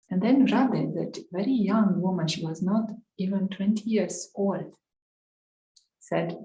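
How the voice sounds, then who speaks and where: A woman giving an earnest, measured spiritual talk, telling a story with some uh and um fillers. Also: mid-range voice, mellow. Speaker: spiritual teacher. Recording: roomy echo.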